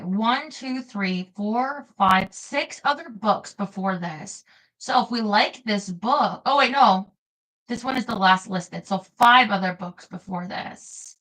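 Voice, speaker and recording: Her voice sits in the middle range with a fairly bright tone, captured on a rough recording. Streaming live, this young woman chats easily with viewers, laughing a lot and reading chat messages aloud.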